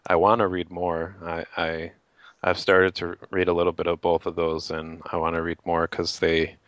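A man's voice: deep voice, monotone, normal speed, a bit bright, dry recording, highs cut off. A man co-hosting a podcast in casual chat, rambling a little as he recalls things. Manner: rambling, restarts while recalling. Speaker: podcast co-host.

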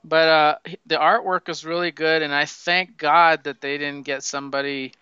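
A man's voice: on the high side, fairly even intonation, normal speed, pushed and bright, clear, resonant tone, dry recording, highs cut off. A man in casual comic book chat, loose and profane, laughing often and stumbling over his words.

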